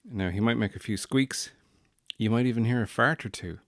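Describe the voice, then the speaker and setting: On the low side and at a moderate pace, this man's voice is recorded dry. He hosts a podcast as a young adult or middle-aged new father, offering a casual monologue of dry, self-deprecating jokes.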